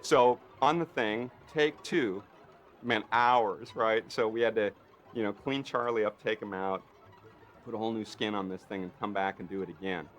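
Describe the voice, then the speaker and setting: Man, low voice, animated anecdote, effects artist, lots of fillers, faint background music. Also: normal speed. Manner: lively storyteller who acts out quotes; frequent fillers and tag questions. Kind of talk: anecdotal interview.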